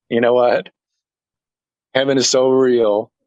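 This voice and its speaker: A man telling a personal story to an interviewer in a casual chat, earnest and animated, acting out what others said. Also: medium pitch, slow pace, no room sound, lo-fi sound. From family heritage is Norwegian. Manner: earnest, animated retelling that acts out other people's lines. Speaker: interview guest.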